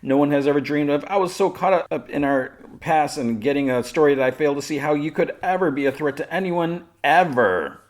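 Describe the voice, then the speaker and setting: A man's voice: mid-range voice, very animated, brisk, hardly any pauses, voice pushed up, close to an everyday voice. A man voicing a confident woman reporter who delivers cutting, sarcastic lines.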